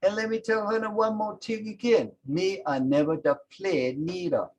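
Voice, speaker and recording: The devil, male, smug and calm in a told folk tale, read by a man, slow and unhurried. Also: sits high, lo-fi sound, slight background noise, voice pushed up.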